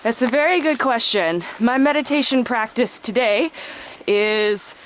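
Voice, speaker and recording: A woman's voice: a little high, animated, a little slow, a little hiss or hum. Breathless Midwestern woman telling her story. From Midwest United States. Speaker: podcast guest. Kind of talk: casual chat while hiking. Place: outdoors on a hiking trail.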